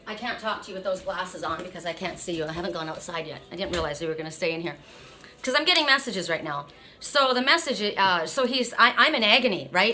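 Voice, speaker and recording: A middle-aged woman rants bluntly in a casual vlog, her voice bright and forceful. She talks with a numb mouth after dental surgery and swears freely. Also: medium pitch, slight background noise. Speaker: oracle card reader.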